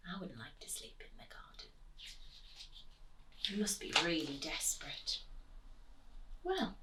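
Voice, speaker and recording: A woman reads a picture book aloud to children, stopping to ask them questions and dropping into whispers. Her bright voice moves up and down a lot at an unhurried pace. She is set back from the mic in an echoey room. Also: sits low, recorded from a distance. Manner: animated, asks children questions, drops to whispers. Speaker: children's storyteller.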